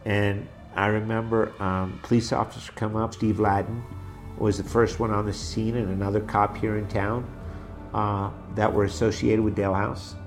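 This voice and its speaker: A middle-aged man telling his own life story in a halting, emotional way, with many restarts. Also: fairly low pitch, little pitch movement, faint music behind. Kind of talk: personal testimony.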